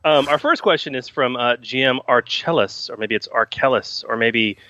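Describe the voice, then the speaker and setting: A man's voice: mid-range voice, brisk, sharp tone, slight background noise. A man appearing as a podcast guest, joking around in a playful, self-mocking way. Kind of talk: casual podcast chat. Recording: dull lo-fi sound.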